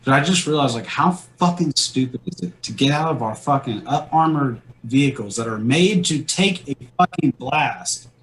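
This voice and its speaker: A man's voice: medium pitch, lively intonation, normal speed, hardly any pauses, a little hiss or hum, rough recording. A man in his thirties, an army veteran, telling war stories in a blunt, rambling, heavily profane way. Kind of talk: casual war storytelling.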